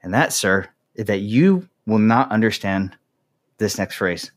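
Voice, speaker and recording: A man's voice: lowish voice, animated, measured pace. Ranting, profane male podcast host. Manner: ranting, profane, laughs often. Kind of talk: casual podcast chat.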